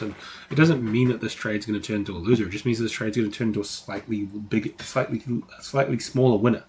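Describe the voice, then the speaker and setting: A man's voice: on the low side, fast talker, darkish tone, slight background noise. A man teaching trading on a live stream, talking casually, swearing freely and saying "like" a lot. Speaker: trading educator.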